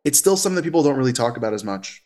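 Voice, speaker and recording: A man speaking as a therapist guest in a casual podcast interview, talkative and animated, with frequent fillers and restarts. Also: mid-range voice, rapid-fire. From United States.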